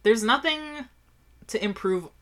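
Young woman chatting about beer, bright tense voice, lots of "like", stops and restarts. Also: mid-range voice, animated. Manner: halting, full of "like" fillers. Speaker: co-host beer reviewer. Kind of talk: casual chat.

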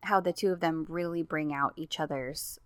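Woman co-host, casual recap chat, lively and quick to laugh, dry mic. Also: deep voice, no room sound. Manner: animated, laughs often, acts out quotes. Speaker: podcast co-host.

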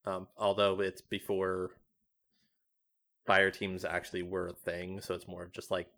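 Slow-talking man, hesitant. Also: deep voice, completely flat delivery, pushed and bright. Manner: hesitant, many ums. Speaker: podcast co-host. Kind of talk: casual lore discussion.

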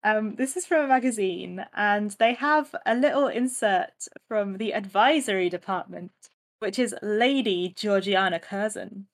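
A woman co-hosting a casual chat, giggling often and filling pauses with ums. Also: mid-range voice. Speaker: podcast co-host.

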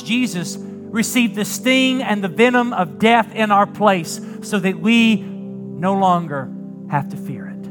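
A male pastor preaching a sermon in a church, moving from quiet storytelling to loud emphatic preaching. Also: high-pitched. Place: church sanctuary.

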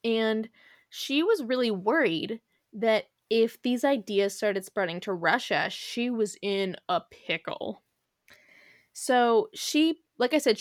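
A woman's voice: medium pitch, no room sound, studio quality. A young adult woman hosting a podcast, chatting casually about history with lots of fillers and frequent laughs. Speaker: podcast host.

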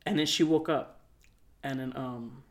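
Soft-spoken man rambling through a story. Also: mid-range voice, fairly even intonation, measured pace. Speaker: podcast co-host. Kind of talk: casual storytelling.

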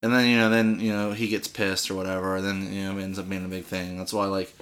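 A man with a lowish, bright, forward voice, chatting casually. He tells a profane, rambling story full of restarts and "like"s. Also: little pitch movement, quick pace. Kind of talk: casual chat.

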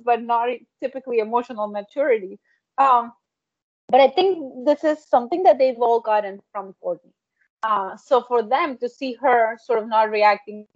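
A woman with a voice on the high side co-hosts a podcast over a remote call, thinking things through in casual conversation. The call audio is dull, dry and lo-fi, with no echo.

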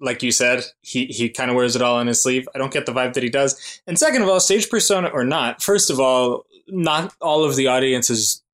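A man's voice: mid-range voice, fairly quick, hardly any pauses, a bit bright. A man co-hosting a podcast in casual chat, agreeing along and making his points one by one. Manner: agreeable, laughs along, argues points in order. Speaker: podcast co-host.

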